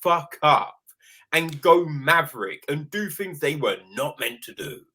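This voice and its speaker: A man's voice: on the high side, lively intonation, a little slow, bright, forceful tone. A man hosting a podcast interview, laughing, swearing casually and acting out voices in his stories. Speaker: podcast host.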